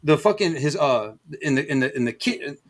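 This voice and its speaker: A man's voice: fairly high pitch, expressive, moderate pace. A middle-aged man from the Los Angeles area telling a long story in casual chat, rambling and profane, with lots of fillers. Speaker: stream host.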